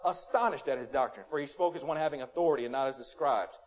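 A man preaching a sermon in a church, animated and playful, acting out quotes and rising to loud emphasis. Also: medium pitch, quick pace. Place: church sanctuary.

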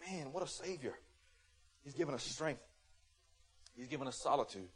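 Husky, animated man preaching a sermon. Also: mid-range voice. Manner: shifts between shouted scolding and quiet, earnest testimony; acts out little dialogues in quick put-on voices.

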